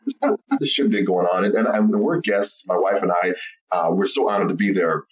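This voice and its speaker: A man guesting on a podcast, telling a story with animated, laughing delivery. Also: low voice, fairly quick, recorded from a distance, highs cut off. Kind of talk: storytelling interview chat.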